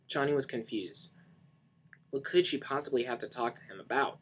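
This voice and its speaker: A man's voice: mid-range voice, fairly even intonation, normal speed. A man narrating a novel aloud in a dramatic book reading, with occasional slips. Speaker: reader of a novel.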